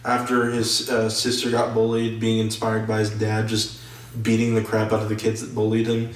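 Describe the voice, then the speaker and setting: A young man in casual podcast chat about movies, rambling and animated. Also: fairly low pitch, moderate pace. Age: young adult. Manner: rambling, animated, mocks actors' accents. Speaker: podcast co-host. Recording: echoey room, distant mic, faint noise.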